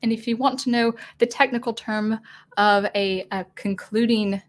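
A woman's voice: fairly high pitch, fairly even intonation, normal speed. A woman teaching music composition in a casual video lesson, thinking aloud with many fillers and restarts, her throat getting dry. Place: at home with a digital keyboard.

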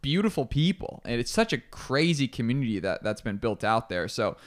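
A man hosting a casual podcast interview, speaking in a relaxed, reflective way with frequent restarts. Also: medium pitch, brisk. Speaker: podcast host.

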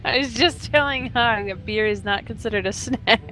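A woman's voice: on the high side, normal speed, pushed and bright. A woman chatting casually while playing a game with friends, laughing often, blunt and swearing. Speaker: game streamer. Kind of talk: casual gaming chat.

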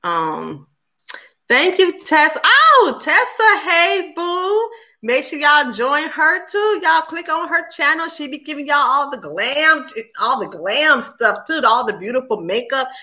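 Fast-talking bright-voiced woman host. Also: high-pitched, very animated. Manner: talks very fast; chatty and upbeat, addresses viewers as "y'all". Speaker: cooking channel host on a livestream. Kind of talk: casual chat with live viewers.

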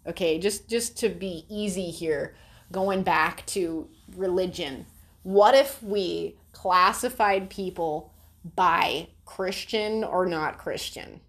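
A woman's voice: fairly low pitch, takes it slowly, husky. A woman reacting to an article, sarcastic and exasperated, swearing often. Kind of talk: ranting commentary.

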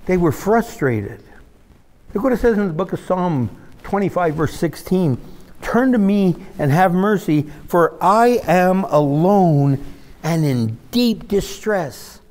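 A male pastor, preaching a sermon in an animated style that swings between loud and hushed. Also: high-pitched, slow pace.

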